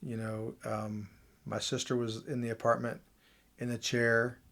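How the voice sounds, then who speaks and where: A man as a podcast guest, telling personal stories in a chatty, animated way. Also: medium pitch, unhurried, creaky. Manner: chatty, animated storyteller, many fillers. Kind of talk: casual conversation.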